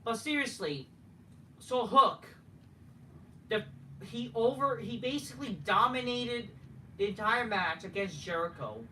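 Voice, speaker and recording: A man's voice: very high voice, lively intonation, measured pace, pauses often, bright, forceful tone. Man, casual reviewer, profane and dismissive, slightly distant mic, faint hiss. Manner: profane, dismissive, sarcastic ranting. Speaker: wrestling show reviewer. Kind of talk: casual solo review rant.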